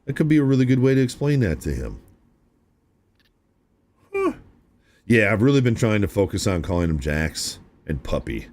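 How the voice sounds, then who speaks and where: A man's voice: on the low side, big pitch swings, normal speed, pauses often, darkish tone. A young man streaming a game live, chatting casually and laid-back with his viewers, often calling them "chat" and saying "dude".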